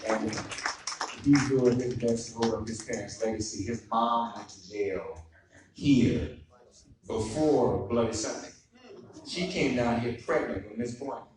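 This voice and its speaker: A man's voice: medium pitch, measured pace. Man moderator, folksy and joking, working an event crowd; echoey hall, distant mic, noisy. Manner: folksy, joking, talks straight to the audience. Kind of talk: storytelling and introducing a guest.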